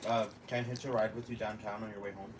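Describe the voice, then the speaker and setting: A man's voice: fairly low pitch, flat delivery, fast talker. A man in a casual group chat, laid-back and joking. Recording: distant from mic with background noise.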